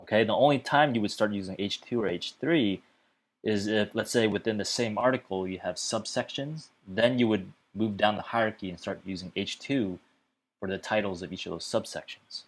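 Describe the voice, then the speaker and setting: Guy with a low voice doing a chill coding tutorial, says okay a lot. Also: normal speed. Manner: chatty, fills gaps with okay and uh. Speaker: web development tutor. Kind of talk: casual explainer lesson.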